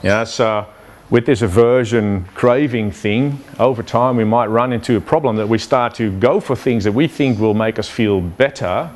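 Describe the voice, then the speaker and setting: A man's voice: medium pitch, normal speed, darkish tone. A man giving an informal lecture at an event, conversational and often checking in with "yeah" and "you know.". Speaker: speaker explaining brain biology.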